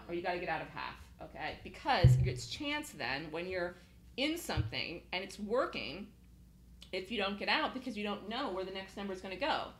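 A woman's voice: mid-range voice, a bit bright, roomy sound, a little hiss or hum. A woman coaching a trading student in a live lesson, emphatic and repeating her points.

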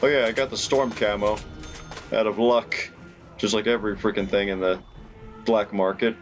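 A young man giving casual gameplay commentary, reacting excitably with laughs and rambling remarks. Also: fairly low pitch, moderate pace. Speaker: gaming YouTuber. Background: game music.

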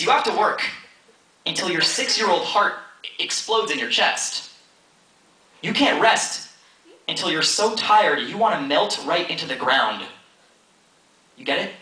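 A man's voice: a little high, sing-song, moderate pace, pauses often, sharp tone. A man performing spoken word poetry on a college stage in a rhythmic, theatrical, teasing way. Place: college stage before an audience. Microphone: audience camera from far off. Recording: distant, echoey hall with audience noise.

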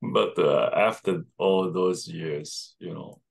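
Slow, gravelly-voiced man. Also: low voice. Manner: slow, hesitant, reflective, frequent yeahs. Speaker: show co-host. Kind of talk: conversational interview.

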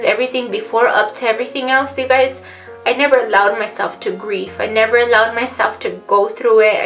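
A woman vlogging to her viewers in an earnest, heartfelt and rambling way, speaking softly and slowly as if close to tears. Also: on the high side, poor audio. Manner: soft, slow delivery near tears. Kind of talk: personal vlog talk to camera. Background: faint background music.

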